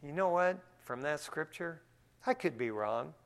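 A man preaching a sermon in a church, his voice sitting somewhat high for a man. He talks in a folksy, down-to-earth way, swinging from hushed asides to loud, excited stretches. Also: measured pace, creaky. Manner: folksy, says "man" often. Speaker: pastor.

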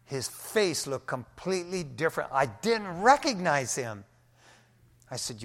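An older man preaching a sermon, telling a testimony in an animated, folksy way and often dropping "man" into his sentences. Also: fairly high pitch, a little slow. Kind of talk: storytelling sermon. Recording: long hall reverb.

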